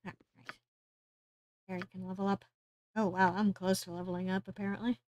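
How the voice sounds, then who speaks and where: A woman's voice: medium pitch, flat delivery, brisk, darkish tone, dry recording, lo-fi sound. A woman streamer making offhand, chatty comments while playing a game. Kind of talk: casual gameplay commentary.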